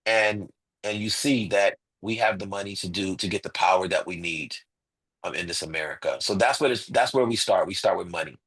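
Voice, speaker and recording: A man's voice: low voice, fairly quick, a bit bright, breathy edge, low-quality recording. A man as an interview guest, making his case emphatically with rhetorical questions and repeated points. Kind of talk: impassioned interview talk.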